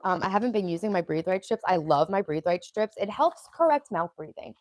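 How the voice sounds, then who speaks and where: A woman's voice: fairly low pitch, expressive, fairly quick, a little mellow, slight background noise. A young woman hosting a casual livestream, chatting in a rambling way and answering viewers' comments. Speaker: livestream host.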